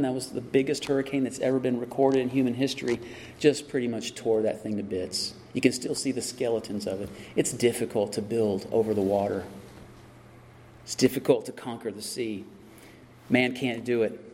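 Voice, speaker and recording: A man's voice: mid-range voice, a little mellow, long reverb tail, a little hiss or hum. A man preaching a sermon as pastor, building emphasis with repeated phrases and questions.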